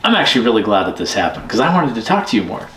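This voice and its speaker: A man's voice: fairly low pitch, big pitch swings, racing, fairly bright tone, echoey room, slight background noise. A man quoting a big, friendly lodge owner in an easygoing, reassuring tone.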